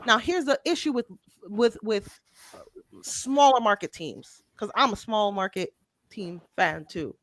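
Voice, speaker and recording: A woman's voice: medium pitch, no echo. A woman co-hosting a sports talk show, arguing her point in an emphatic, insistent way. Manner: emphatic, insistent, explains slowly. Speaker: podcast co-host. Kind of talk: heated casual sports debate.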